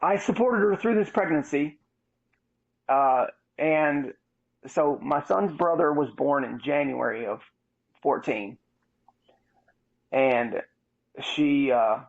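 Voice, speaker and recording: A man in his thirties talks through a personal story in a candid, animated way. His voice is gravelly and the sound is muffled and lo-fi. It has the feel of casual podcast storytelling. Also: a little high, slow pace, long pauses. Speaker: podcast host. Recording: muffled lo-fi audio.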